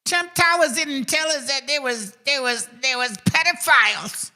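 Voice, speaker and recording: A man's voice: extremely high pitch, a little slow, sharp tone, pitched above the performer's own voice, full character voice. A man voicing a naive, clueless man in a whining, stammering, mock-innocent tone.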